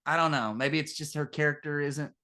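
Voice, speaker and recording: A man's voice: on the high side, fairly even intonation, fairly quick, sharp tone. A man co-hosting a casual film discussion podcast, critical and laughing often. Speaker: podcast co-host.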